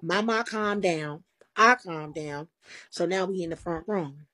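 A woman's voice: fairly low pitch, a little slow, pushed and bright. A woman telling a story casually, acting out quarrels and swearing freely. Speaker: guest, live-stream show personality.

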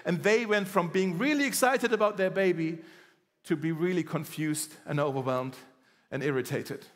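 A male pastor preaching a sermon in a conversational, animated way, acting out quoted dialogue. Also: fairly high pitch, normal speed, big-room sound. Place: church.

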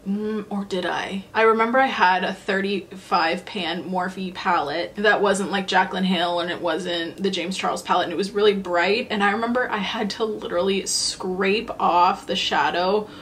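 Young woman, beauty vlogger, casual to-camera chat, sassy, candid, mid-pitched voice. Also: fairly even intonation, normal speed, hardly any pauses, fairly bright tone.

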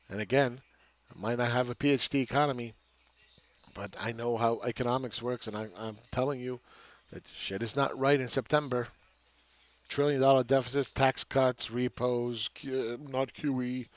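A man's voice: mid-range voice, fairly even intonation, normal speed, dry recording. A man in the middle of his range delivers a combative market rant, sarcastic and full of swearing, stumbling over repeated words as he presses his point. The sound is dull and lo-fi, close and dry with no room around it. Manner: repeats words and restarts phrases. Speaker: market commentator. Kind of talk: ranting market commentary.

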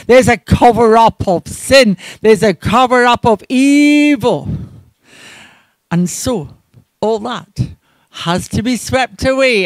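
A man's voice: very high-pitched, a bit bright, no room sound. A man presenting a devotional talk to viewers and listeners. He is earnest and wanders into side remarks, and he spells names out letter by letter. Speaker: ministry presenter. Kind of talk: devotional local-history talk with prayer.

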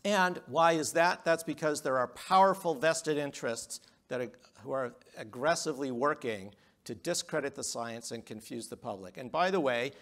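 A middle-aged man giving a public lecture, emphatic, with rhetorical questions and swings between loud and quiet. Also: mid-range voice. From United States.

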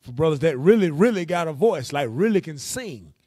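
A man teaching a Bible class in a lively, playful preaching style, drawing responses from the room. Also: a little high, brisk. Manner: animated, playful, calls on readers with "go ahead".

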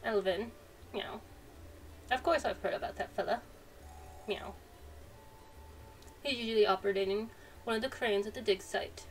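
A woman's voice: mid-range voice, moderate pace, pauses often, lightly acted. A woman voicing a cagey male cat merchant who tacks "meow" onto his sentences. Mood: sly. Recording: distant mic, faint noise.

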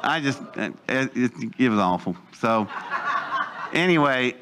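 A man's voice: medium pitch, animated, unhurried, a bit bright. An older man telling a rambling, folksy story to an audience, acting out the voices of people he quotes. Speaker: speaker telling his life story.

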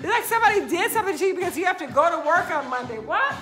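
Her voice extremely high and racing, a female fitness coach motivates her live audience with an energetic, sermonizing pep talk, saying "right?" over and over as music plays in the background.

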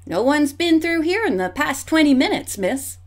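A woman's voice: sits high, very animated, moderate pace, voice pushed up. A woman reading an audiobook, voicing a helpful, chatty male museum guard. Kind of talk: audiobook character voice.

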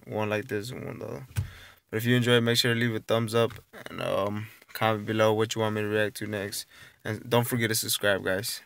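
A man's voice: lowish voice, flat delivery, fairly quick, gravelly, fairly bright tone, clean tone. A young man hosting a reaction vlog, chatting loosely with lots of fillers, recorded on a phone indoors. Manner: rambling, loose and apologetic with many fillers. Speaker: reaction video host. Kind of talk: casual vlog chat.

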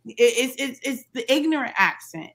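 A woman hosting a casual opinion chat, telling stories in an animated, exasperated way. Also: sits high, normal speed. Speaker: host.

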